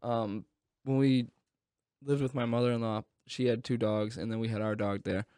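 A man's voice: medium pitch, steady tone, normal speed, dark tone, no echo, studio quality. A man in his thirties telling a story in a casual, laid-back way, swearing and saying "dude" often.

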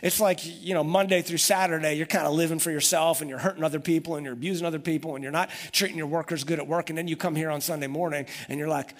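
A man's voice: a little high, steady tone, fast talker, few pauses. A man preaching a sermon, telling the story with energy and acting out the voices of the people in it. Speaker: pastor.

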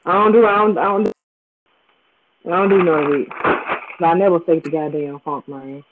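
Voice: medium pitch, fairly quick, heavy background noise. Host from with a drawl, swears a lot and repeats themselves, mid-range voice, audio thin like a phone line. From Memphis, Tennessee. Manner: profane, emphatic, repetitive. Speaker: podcast host. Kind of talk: casual storytelling rant.

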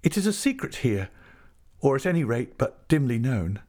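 A man's voice: a little high, big pitch swings, takes it slowly, a little mellow, breathy edge, pitched above the performer's own voice, full character voice. A man voicing a proud, distressed young woman who pleads earnestly in a raised voice. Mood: pleading.

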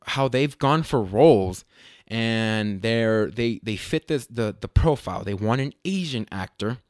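A man hosting his own podcast in a loose, rambling way, correcting himself often and filling pauses with ums. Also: fairly low pitch, animated, darkish tone, no echo, studio quality. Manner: rambling, self-correcting, lots of fillers. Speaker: podcast host. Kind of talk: casual solo podcast chat.

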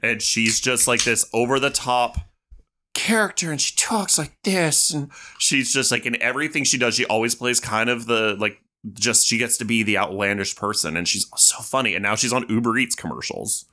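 Podcast guy rambling about a movie, bright voice, lots of likes and ums. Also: mid-range voice, steady tone, brisk. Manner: rambling, enthusiastic, lots of fillers. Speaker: podcast host. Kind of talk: casual movie chat.

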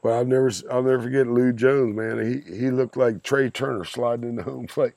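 A man's voice: medium pitch, fairly even intonation, fairly quick, gravelly, few pauses, darkish tone, dry recording. A man in his sixties on a podcast, telling rambling anecdotes in a casual chat, laughing often and swearing freely. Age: 60s. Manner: rambling anecdotes, frequent laughter, crude language. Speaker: podcast guest, father of the host.

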